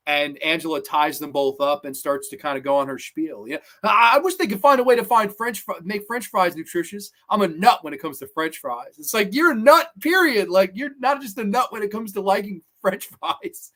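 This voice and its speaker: A man's voice: high voice, expressive, moderate pace, hardly any pauses, pushed and bright. A man hosting a livestream horror movie review, rambling enthusiastically and reading chat messages. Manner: enthusiastic, rambling fan talk.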